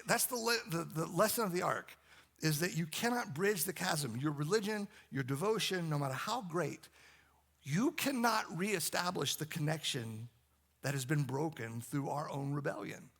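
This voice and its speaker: A man's voice: sits high, vocal fry, a bit bright, slightly rough. A man preaching a sermon, repeating phrases and building emphasis as he goes. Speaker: pastor.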